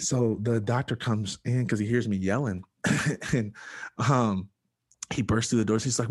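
A young man giving a personal testimony in an interview, earnest and halting, with many fillers and pauses. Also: medium pitch, husky. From Michigan. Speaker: interview guest.

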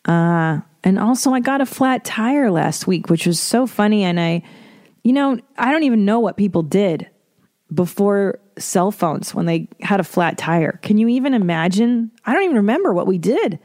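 A woman's voice: mid-range voice, lively intonation, moderate pace, darkish tone, dry recording, studio quality. A woman in her forties hosting a casual solo podcast, rambling through stories with lots of swearing and self-deprecating jokes. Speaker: podcast host.

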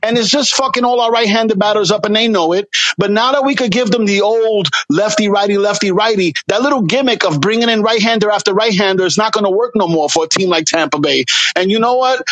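A man's voice: high voice, fast, fairly bright tone, no echo. A man calling in to a sports talk show, rambling in a fired-up, profane way. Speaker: caller.

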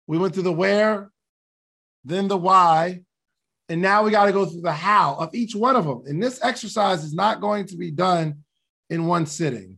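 Podcast guy w a raspy fry voice, kinda high, chatting casually about goals. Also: a bit bright. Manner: conversational, laughs at himself, repeats key questions. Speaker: podcast host. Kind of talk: casual motivational talk.

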